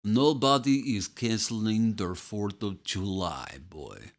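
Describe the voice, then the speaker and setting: A gruff old grandfather with a heavy Slavic accent, as an audiobook narrator puts him on. He speaks low and flatly, unmoved and matter-of-fact. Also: slow pace, full character voice.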